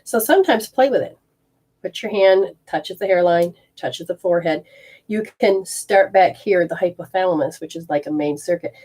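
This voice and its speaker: A woman's voice: fairly low pitch, normal speed, darkish tone. Rambling woman leading a healing session. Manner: rambling, self-interrupting, explains hands-on techniques. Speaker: energy healer.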